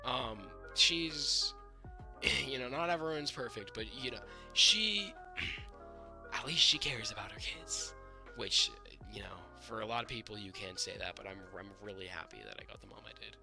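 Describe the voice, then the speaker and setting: A young man co-hosting a casual podcast, rambling with fillers and restarts and a slightly raspy voice. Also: mid-range voice, normal speed, music in the background. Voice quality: slightly raspy, throat-clearing. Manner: rambling, lots of fillers and restarts, laughs often. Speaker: podcast co-host. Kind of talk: casual chat.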